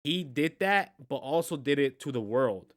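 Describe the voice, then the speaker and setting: A man's voice: medium pitch, expressive, normal speed, very noisy. A man hosting a music reaction video, talking casually and earnestly in slang, emotionally moved by the track. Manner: slangy, earnest, keeps saying "bro" and "man".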